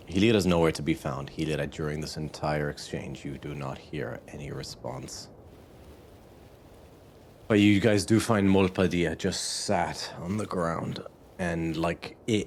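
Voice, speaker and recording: A man narrating a tabletop game as game master, calm and measured in his descriptions. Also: low voice, a little hiss or hum.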